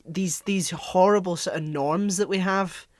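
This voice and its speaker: A man's voice: high voice, steady tone, a little slow, no room sound, studio quality. A man co-hosting a podcast, talking bluntly and swearing in casual chat. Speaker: podcast co-host.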